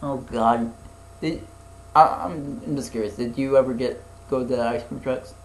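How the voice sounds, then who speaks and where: A man's voice: medium pitch, fairly even intonation, moderate pace, roomy sound, a little hiss or hum, poor audio. A young man chatting casually as a podcast co-host, rambling with lots of fillers, restarts and swearing. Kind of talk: casual chat.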